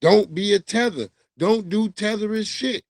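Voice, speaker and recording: A man's voice: sits high, measured pace, no room sound. A man hosting a livestream, talking in a loose, profane, slangy way and laughing as he tells stories. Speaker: livestream host. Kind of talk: casual commentary monologue.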